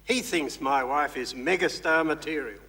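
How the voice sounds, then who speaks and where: A man's voice: fairly high pitch, moderate pace, creaky, pushed and bright, slight background noise. A man from the audience reading a husband's lines plainly on a comedy stage. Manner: plain amateur line reading. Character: stolid husband. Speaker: audience volunteer.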